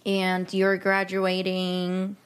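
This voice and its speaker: A woman's voice: medium pitch, completely flat delivery, drawn-out words, smooth. A woman hosting an interview, asking questions in a casual, conversational way. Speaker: host.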